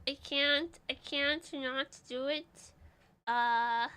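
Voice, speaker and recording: A young woman streaming casually, congested and clearing her throat, playful and giggly with dramatic outbursts. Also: high voice, steady tone, drawn-out words, sharp tone.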